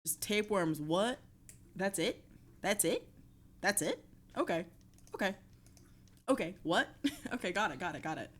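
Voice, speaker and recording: A woman's voice: medium pitch, animated, measured pace, long pauses. A young woman streaming, chatting casually with her viewers, swearing offhand and laughing often.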